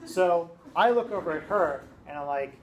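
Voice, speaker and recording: A man in his thirties, a teacher telling a lively story to his class, often checking in with his listeners. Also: on the high side, moderate pace, very noisy. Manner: animated, keeps checking in with listeners.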